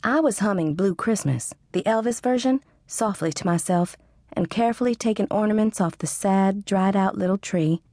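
A woman's voice: mid-range voice, normal speed, darkish tone, dry recording, clean studio sound. A woman reading a first-person audiobook narration in a wry, sarcastic manner. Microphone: studio close mic.

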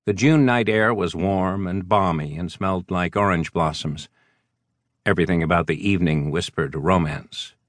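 A man reading a first-person novel as an audiobook narrator, measured and wry. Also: low voice, no room sound.

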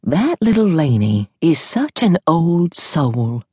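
A woman voicing a gentle, faithful elderly grandmother who speaks softly and slowly. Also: low voice, big pitch swings, husky, no room sound, studio quality, voice pushed up, exaggerated voice. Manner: soft and slow.

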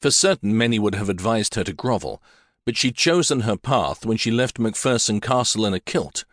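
A male audiobook narrator with a low, steady voice, reading a historical romance in a measured storytelling manner. The recording is close and dry, with no room sound. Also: dry recording.

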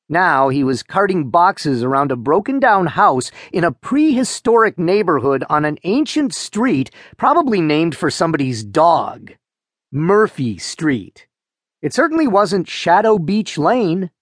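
A man giving wry, expressive narration of a children's audiobook. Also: on the high side, no echo, clean studio sound. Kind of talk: scripted children's book narration.

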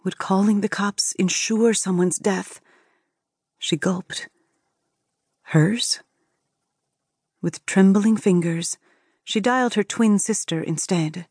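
A woman narrating an audiobook with steady, expressive storytelling. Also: medium pitch, measured pace, slightly rough, no echo, studio quality.

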